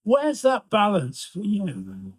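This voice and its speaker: A man hosting, interviewing a guest at an event and chatting on a podcast, with frequent warm stumbling restarts. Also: high-pitched, wildly swooping pitch, slow pace, slightly rough. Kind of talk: stage interview, then casual chat.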